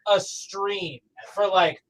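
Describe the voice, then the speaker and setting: A young man hosting a podcast, excitable and laughing through crude casual talk. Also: high-pitched, slow pace, a little hiss or hum, rough recording. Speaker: podcast host.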